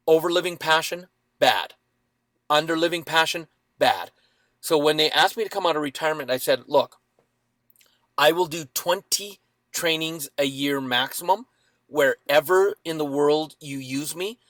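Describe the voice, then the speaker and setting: A man in his fifties telling a dramatic personal story as a podcast guest, with lively acted-out quotes. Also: on the high side, no echo.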